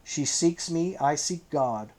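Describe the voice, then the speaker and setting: A man's voice: on the high side, animated, slow, a little mellow. A man reading an audiobook, voicing an anguished young man who answers in a bitter, terse, pained way.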